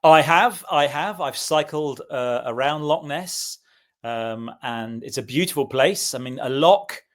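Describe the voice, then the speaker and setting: A man co-hosting a podcast, talking in a relaxed, easy way with small pauses and ums. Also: on the high side. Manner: relaxed storyteller with ums and asides. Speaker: podcast co-host. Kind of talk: casual conversational podcast chat.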